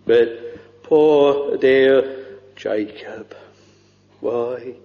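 Slow-preaching man in an echoing hall. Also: medium pitch. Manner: slow, halting delivery with many pauses and fillers. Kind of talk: sermon. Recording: dull lo-fi recording with long hall reverb.

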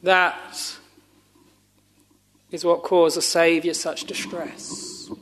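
A man preaching a sermon in a slow, solemn, measured way with long pauses, sometimes dropping to a hush. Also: a little high, little pitch movement, slight background noise.

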